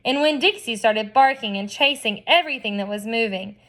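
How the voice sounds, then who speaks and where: Expressive female reader of a children's novel, slightly high, chatty asides. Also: a little fast. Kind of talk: reading a children's novel aloud.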